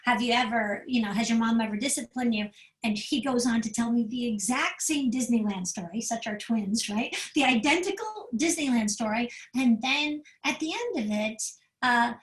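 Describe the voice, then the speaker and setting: Animated middle-aged woman speaker in an echoey room. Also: fairly high pitch. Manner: animated storyteller who acts out quotes. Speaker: psychiatrist giving a parenting talk. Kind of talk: storytelling lecture. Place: event room.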